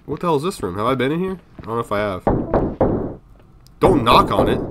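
A man's voice: mid-range voice, sing-song, very fast, background noise. A man giving casual commentary on a horror game, jumpy and swearing, talking to himself and his viewers. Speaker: gaming video creator.

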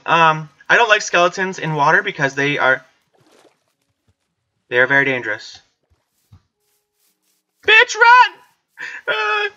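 A woman's voice: low voice, pushed and bright. A woman doing let's play commentary, chatty with herself and screaming and swearing whenever she gets startled. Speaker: gamer. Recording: slightly dull lo-fi recording.

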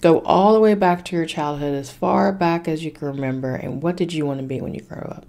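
A woman with a low, mellow voice hosts a casual spiritual self-help podcast. She talks bluntly and emphatically, swears without hesitation and drives her advice home by repeating it. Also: a little fast, creaky. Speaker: podcast host.

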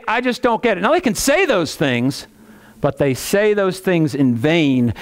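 A man preaching a sermon as pastor, animated, with folksy asides and chuckles. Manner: animated preaching, rising pitch on rhetorical questions.

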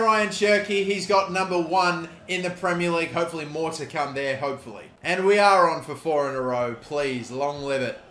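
A young Australian man giving gameplay commentary, excitable, swearing and shouting at big moments. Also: fairly high pitch. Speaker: gaming YouTuber. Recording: echoey room with faint noise.

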